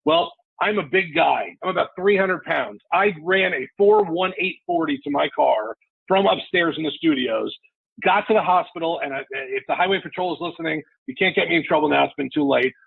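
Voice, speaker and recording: A man around forty tells a personal story with candid, emotional storytelling and the odd curse. His voice is gravelly and husky, sitting a little high for a man. It comes through a dry, tinny, phone-like remote line. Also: expressive, moderate pace, dry recording. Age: 40s. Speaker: sports radio host, podcast guest. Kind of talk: casual podcast storytelling. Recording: phone-like, lo-fi call audio.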